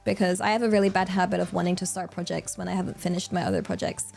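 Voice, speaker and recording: A woman's voice: fairly low pitch, fairly even intonation, fast talker, vocal fry, darkish tone, soft background music. A woman, chatting casually on a stream in a bubbly, rambling way with lots of fillers and giggles. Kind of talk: casual chat.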